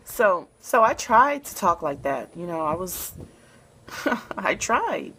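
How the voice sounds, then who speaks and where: A woman from Memphis, Tennessee, telling a personal story to camera in a soft-spoken, relaxed way with plenty of fillers. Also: lowish voice, normal speed, slight background noise, poor audio. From Memphis, Tennessee, USA.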